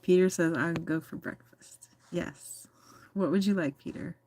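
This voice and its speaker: A woman's voice: on the low side, a little slow, a little mellow. An American woman hosting a casual livestream, reading chat messages aloud with teasing, giggly chatter. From United States. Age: adult.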